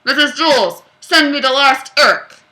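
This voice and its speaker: A woman voicing a gruff, suspicious male school principal who barks his questions loudly in a storybook reading. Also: on the high side, sing-song, normal speed, pitched above the performer's own voice. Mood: interrogating. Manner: barking, loud interrogating.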